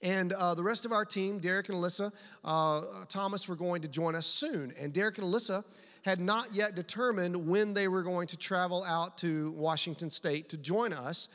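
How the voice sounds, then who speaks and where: A man preaching a sermon, telling personal stories in an animated, conversational way. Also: high voice, moderate pace. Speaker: pastor. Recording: long reverb of a large hall.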